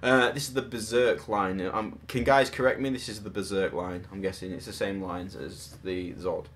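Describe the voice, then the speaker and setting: A man's voice: lowish voice, steady tone, normal speed, slight background noise. A man hosting a casual chat about collectible statues, rambling and joking at his own expense. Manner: rambling, self-deprecating, jokey. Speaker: podcast host.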